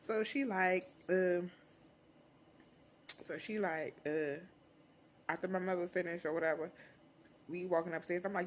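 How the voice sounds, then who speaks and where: A young adult woman vlogger telling a storytime in casual, slangy, profane talk, animated and unfiltered. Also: on the low side, a little slow, long pauses, a little hiss or hum.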